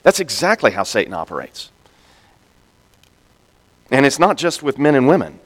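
A man preaching a sermon, animated, acting out quoted speakers with sudden jumps in pitch and loudness. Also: moderate pace. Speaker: pastor. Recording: long reverb in a large hall.

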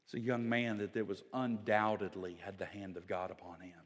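A middle-aged pastor preaching a sermon, swinging from loud emphatic lines to hushed, near-whispered storytelling. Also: male voice, sits low, little pitch movement, brisk, in a large hall.

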